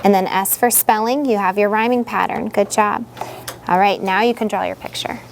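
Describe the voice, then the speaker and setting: A woman's voice: mid-range voice, steady tone, normal speed, creaky, a little hiss or hum. A woman teaching young students in a classroom, leading them patiently with repeated questions.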